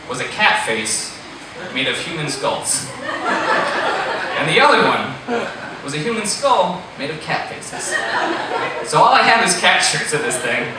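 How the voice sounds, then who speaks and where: A man telling a funny personal story on stage, animated, laughing at himself and swearing freely. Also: on the high side. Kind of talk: live storytelling. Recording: echoey hall, distant mic, noisy.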